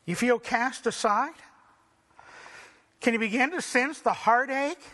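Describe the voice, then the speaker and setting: A male preacher giving a sermon with rhetorical questions and dramatic pauses. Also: extremely high pitch, sharp tone.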